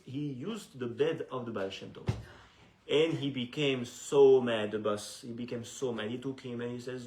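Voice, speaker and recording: A man, a rabbi, telling a story in a sermon, animated and often restarting his sentences. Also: mid-range voice, moderate pace. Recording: echoey room, faint noise.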